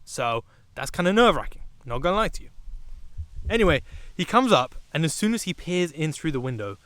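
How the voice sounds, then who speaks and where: A young British man narrates a comic storytime vlog in a lively, animated way, jumping into sudden loud bursts. His voice sits a little high for a man. The sound is dry, with no room around it. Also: a little fast, dry recording. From Britain. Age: young adult. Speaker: vlogger.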